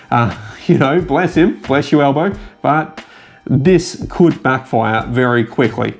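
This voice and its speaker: A man's voice: medium pitch, unhurried, soft background music. A man with an Australian accent, explaining finance in a chatty, emphatic vlog, often addressing viewers as guys. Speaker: finance vlogger.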